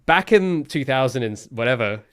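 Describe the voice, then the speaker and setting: A man's voice: mid-range voice, animated, a little fast, fairly bright tone, no room sound, studio quality. A young man, a solo game developer, talks through interface design on a livestream in a loose, rambling way, full of restarts and fillers. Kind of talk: casual livestream commentary.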